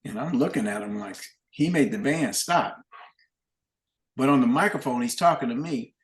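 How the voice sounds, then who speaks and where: Older man telling animated stories. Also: medium pitch, normal speed, roomy sound. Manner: animated, plain-spoken anecdotes. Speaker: guest musician. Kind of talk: casual storytelling.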